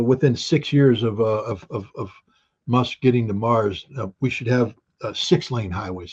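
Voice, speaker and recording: A man with a husky, slightly rough voice argues his points bluntly in an interview, swinging between punchy emphasis and quick asides. The audio is dull and lo-fi, as if the highs were shaved off. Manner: emphatic, blunt, rhetorical questions. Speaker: guest commentator. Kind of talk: opinionated interview talk.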